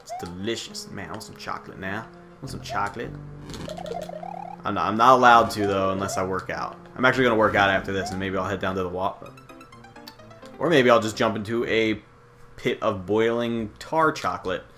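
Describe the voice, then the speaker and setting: A young American man talks loosely while he plays a video game, drifting between the action and offhand jokes, with the odd curse. His voice sits a bit low. Game music plays clearly underneath him. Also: fairly quick. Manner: rambling, profane, joking asides. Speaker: let's play host. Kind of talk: casual gameplay commentary.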